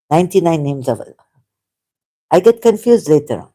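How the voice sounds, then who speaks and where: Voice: mid-range voice, lively intonation, moderate pace, warm tone. A speaker from Pakistan, telling a story in casual chat, rambling and interrupting themselves. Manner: rambling, self-interrupting, loses the thread.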